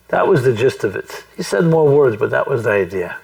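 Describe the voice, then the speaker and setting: A man, a rabbi, telling a story to a live group, speaking thoughtfully and deliberately with frequent restarts. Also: mid-range voice, very animated, creaky, a little mellow, recorded from a distance, low-quality recording. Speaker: rabbi giving a talk. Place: room with a small audience.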